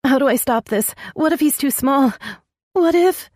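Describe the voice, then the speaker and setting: A woman's voice: high-pitched, moderate pace, darkish tone, dry recording, clean studio sound, pitched above the performer's own voice, close to an everyday voice. A woman voicing a frightened young woman in labor, breathless and tearful as she pleads. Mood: panicked.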